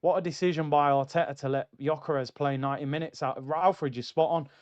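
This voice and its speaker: A young man hosting a football watchalong livestream, chatty and excitable, reading out viewer comments. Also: a little high, brisk, clean tone, dull audio. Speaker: football streamer host.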